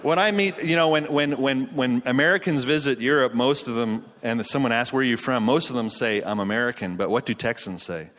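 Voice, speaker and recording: A man's voice: mid-range voice, fairly quick, few pauses, a bit bright. A pastor in his thirties from Canada, preaching a sermon in a chatty, self-deprecating storytelling way with frequent restarts. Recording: hall reverb from a live venue.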